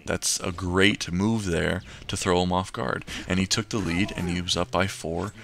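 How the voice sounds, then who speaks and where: A man's voice: deep voice, steady tone, normal speed, creaky, a bit bright. A young man giving casual, rambling gameplay commentary and tips, full of fillers and restarts.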